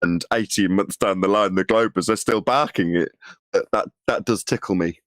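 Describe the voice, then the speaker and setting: A man with a very low voice co-hosting an online voice-call chat, mocking his opponents and chuckling as he argues. The sound is dry and close. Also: normal speed, fairly bright tone, no echo. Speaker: co-host.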